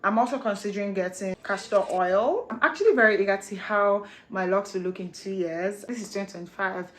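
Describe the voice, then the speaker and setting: A young adult woman chatting excitedly to camera as a hair vlogger, playful and talkative. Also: medium pitch, brisk. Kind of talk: casual chat to camera.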